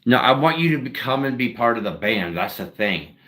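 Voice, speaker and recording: A man's voice: mid-range voice, expressive, brisk, pushed and bright. A man chatting casually on a solo live stream, rambling and heavy on fillers. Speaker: streamer and singer-songwriter.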